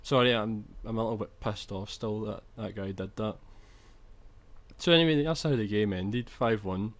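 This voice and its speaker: A man's voice: on the low side, moderate pace. Chatty young man gaming. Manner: chatty, swears when annoyed, trails off and restarts. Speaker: gaming commentator. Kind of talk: video game commentary.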